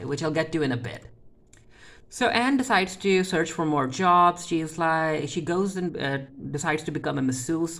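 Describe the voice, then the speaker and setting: A casual reviewer recapping a TV episode, pitched in an everyday middle range. They keep slipping into loose paraphrases of what each character said, stumbling and restarting with plenty of filler words along the way. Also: fairly bright tone. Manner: retells scenes by loosely paraphrasing characters' lines. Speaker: TV show reviewer.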